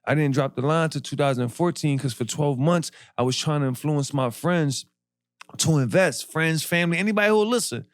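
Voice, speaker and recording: A man, a podcast guest telling his story in animated street slang. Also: on the high side, fairly quick, no room sound, clean studio sound. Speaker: podcast guest, clothing brand founder. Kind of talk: casual interview storytelling.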